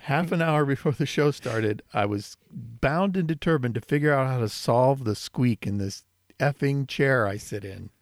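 A man's voice: moderate pace, dry recording. Man telling a story in a dry close-up recording. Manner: animated storyteller, mimics squeaks in a high voice. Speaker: podcast co-host. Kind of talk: casual chat.

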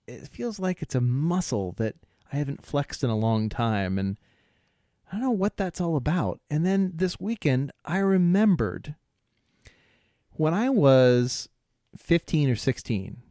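Middle-aged male co-host, lively pitch, dry close sound, loose rambling delivery with lots of laughs. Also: no echo. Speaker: podcast co-host. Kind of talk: casual chat.

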